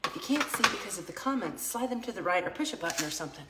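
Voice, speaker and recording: A woman's voice: medium pitch, expressive, very fast, roomy sound, heavy background noise. A woman vlogging a casual product test, chatty and rambling, joking aside to her viewers. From United States. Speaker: vlogger product testing a vintage cooker.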